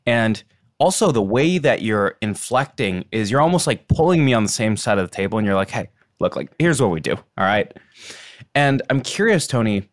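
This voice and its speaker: Man, podcast host, animated delivery, direct questioner. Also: lowish voice. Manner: direct, mimics reps to make a point. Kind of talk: interview questions.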